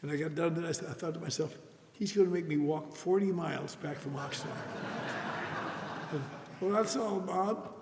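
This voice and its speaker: A man's voice: on the high side, fairly even intonation, normal speed, pauses often. An older man telling his recovery story at a meeting in a wry, self-mocking storytelling manner, with an audience laughing in a large hall. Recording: echoey hall recording with faint noise.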